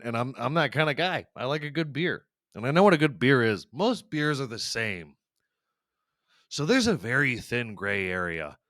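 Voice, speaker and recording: Brief: foul-mouthed male podcaster ranting sarcastically, mid-pitched voice, dry sound. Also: a bit bright, no room sound. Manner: profane, rambling, sarcastic. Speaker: podcast host. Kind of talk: comedic ranting monologue.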